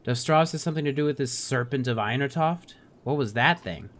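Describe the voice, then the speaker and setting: A man voicing a wry, skeptical male archer hero in a game, pitching his voice up and asking incredulous questions. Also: a little fast, close to an everyday voice.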